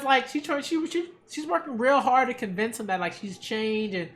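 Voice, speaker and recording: A woman's voice: medium pitch, normal speed, hardly any pauses, a bit bright. A woman reacting to an anime episode in a casual, slangy, exclamatory way. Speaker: manga and anime reviewer.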